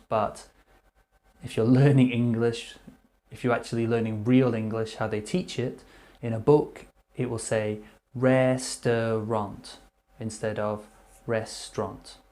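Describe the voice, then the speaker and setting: Guy teaching english words real slow, says each one twice then explains it, medium voice. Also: mid-range voice, fairly even intonation, warm tone. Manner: repeats words slowly and clearly, explaining meanings. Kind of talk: slow vocabulary lesson.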